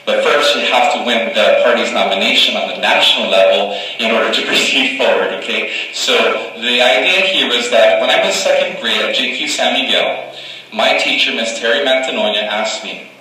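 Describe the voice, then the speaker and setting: A man's voice: lowish voice, moderate pace, sharp tone. A man from Guam giving an earnest, oratorical campaign speech at a forum in a hall, heard from far off. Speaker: political candidate. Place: hall at a community college forum.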